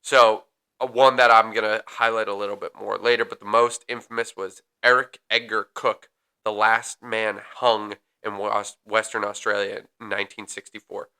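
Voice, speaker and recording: A man's voice: on the low side, normal speed, smooth. A man co-hosting a casual podcast, reading history notes with frequent ums and joking asides. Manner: relaxed, reads facts with filler ums, jokes between. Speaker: podcast co-host.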